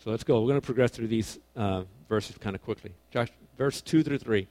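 A preacher with a middle-pitched voice gives a relaxed, conversational sermon to a young crowd, speaking briskly. He's animated, swinging from loud, stressed points to hushed asides, and his phrasing is informal, with corrections mid-sentence.

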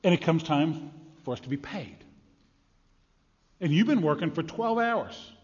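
Animated preaching man in a reverberant hall. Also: on the high side, unhurried, breathy edge, lo-fi sound. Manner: animated, conversational preaching with acted-out quotes. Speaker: pastor. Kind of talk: sermon.

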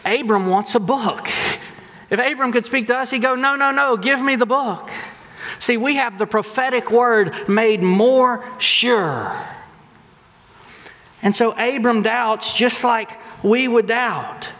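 High-voiced preacher in a big hall. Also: male voice, slow. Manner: animated storytelling with acted-out quotes. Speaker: pastor. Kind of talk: sermon. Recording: long hall reverb.

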